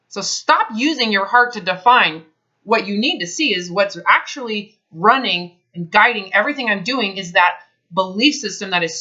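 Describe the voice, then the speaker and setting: A woman's voice: mid-range voice, pushed and bright. A woman health advisor in a counseling session, talking bluntly and emphatically, swearing freely. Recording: dull lo-fi recording.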